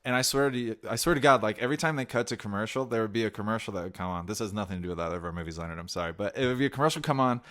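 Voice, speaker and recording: A man from New Jersey hosting a podcast, telling rambling, animated stories with frequent restarts. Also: fairly low pitch, racing, few pauses. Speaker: podcast host. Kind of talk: casual chat.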